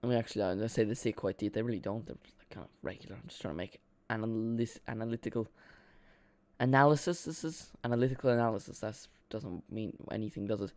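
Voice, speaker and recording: A man streaming a live watchalong, giving casual, excitable play-by-play and chatting with his viewers, joking at his own expense. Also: fairly low pitch, fast talker, no room sound. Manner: chatty and excitable, jokes about himself.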